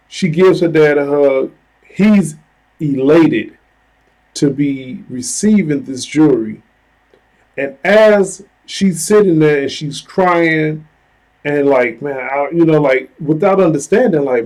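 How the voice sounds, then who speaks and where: Mellow-voiced man telling a story casually. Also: on the high side, poor audio. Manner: conversational, heavy use of "you know" and "like" fillers; earnest, retelling a story with lively asides. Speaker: vlogger.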